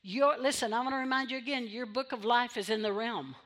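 A woman's voice: on the high side, brisk, fairly bright tone. A woman pastor preaching a sermon in church, repeating phrases for emphasis and drawing amens from the congregation.

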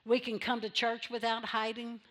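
A woman's voice: a little high, monotone, moderate pace, a bit bright. A woman pastor preaching a sermon in church, repeating phrases for emphasis and drawing amens from the congregation.

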